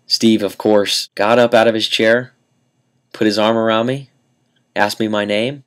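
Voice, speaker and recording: A young man telling a comic story to camera, deadpan and mock-earnest, with dramatic pauses. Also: fairly low pitch, smooth. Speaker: vlogger.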